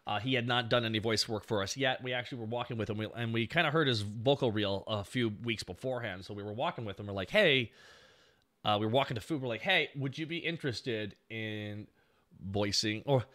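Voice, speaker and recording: A man's voice: on the low side, fast talker, hardly any pauses, fairly bright tone. A man in his thirties doing casual stream commentary on his old series, rambling and swearing freely.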